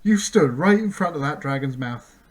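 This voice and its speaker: A man voicing a bold, proud male centaur warrior who shouts his lines forcefully. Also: fairly high pitch, expressive, moderate pace. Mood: admiring.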